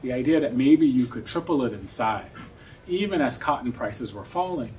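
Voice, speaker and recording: A man giving an academic seminar talk, explaining in a thoughtful way with many pauses and tag questions. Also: medium pitch, animated, darkish tone. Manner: thoughtful, explanatory, frequent "um" and "right?". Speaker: academic speaker. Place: seminar room. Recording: distant mic with faint noise.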